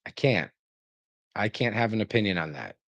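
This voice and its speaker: A man's voice: fairly low pitch, animated, moderate pace, fairly bright tone, no echo. A man giving reaction commentary, sarcastic and indignant as he rants.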